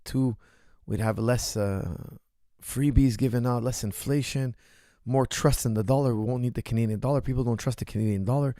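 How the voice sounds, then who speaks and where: A man's voice: medium pitch, steady tone, moderate pace, warm tone, dry recording, studio quality. A middle-aged man, a martial arts coach, answering viewer questions on a livestream in an emphatic way that keeps checking in with "right?" and "okay?".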